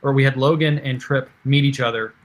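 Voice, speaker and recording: A man's voice: medium pitch, fairly even intonation. A man who is a film director, telling behind-the-scenes stories in a casual interview, full of fillers and restarts. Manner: halting, filler-heavy anecdotal storytelling. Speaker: film director, podcast guest.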